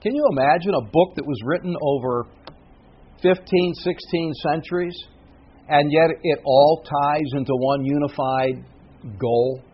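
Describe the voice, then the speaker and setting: A male pastor with a high voice preaches a sermon, swinging between emphatic, forceful declarations and hushed asides. He keeps asking his listeners rhetorical questions. The sound is dull and lo-fi. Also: a little slow, husky. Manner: asks the congregation rhetorical questions.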